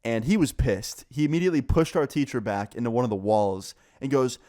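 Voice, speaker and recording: A young man casually telling a school story, animated and swearing, acting out what others said. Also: mid-range voice, a little fast, few pauses. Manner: animated, swearing, acts out quoted voices. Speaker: storyteller vlogger.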